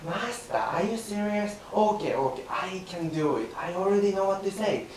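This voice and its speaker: A man's voice: sits high, lively intonation, moderate pace, voice pushed up. Man doing an eager brash young student. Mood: cocky. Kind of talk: rakugo comic storytelling. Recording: roomy, distant mic, faint hiss.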